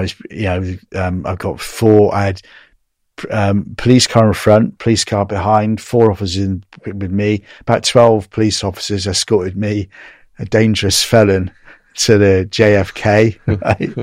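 An English man with a fairly low voice tells a story in a relaxed, conversational way. He acts out other people's lines as he goes, and the recording is close and dry. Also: unhurried, no echo. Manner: animated, acts out quoted dialogue. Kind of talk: casual storytelling.

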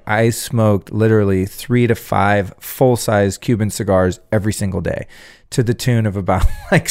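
A man in casual podcast conversation, rambling and swearing freely as he tells a story. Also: fairly low pitch.

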